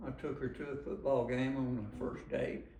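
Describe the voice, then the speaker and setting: A man's voice: medium pitch, little pitch movement, moderate pace, background noise. An older man from Arkansas, telling rambling, folksy stories with chuckles and restarts, performing at home for visitors. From Arkansas, USA. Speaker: singer-songwriter performing for visitors. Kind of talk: storytelling between songs. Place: his home. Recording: echoey room, mic from a distance. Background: guitar playing.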